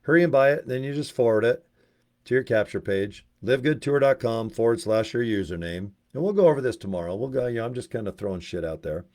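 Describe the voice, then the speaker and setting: A man's voice: medium pitch, animated, fast, a little mellow. A man hosting a casual livestream about network marketing, rambling and slangy with crude jokes.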